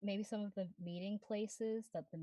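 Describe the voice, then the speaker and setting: Mellow-voiced woman playing a tabletop game. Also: medium pitch, steady tone, no echo. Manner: hesitant, halting phrasing. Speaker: player. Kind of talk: tabletop game role-play.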